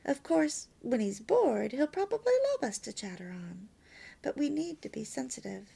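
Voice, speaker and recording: A woman's voice: sits high, sing-song, normal speed, vocal fry, warm tone, breathy edge. A woman reading a homemaking lesson aloud as a story, lilting and emphatic with near-whispered asides. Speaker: reader of a homemaking course.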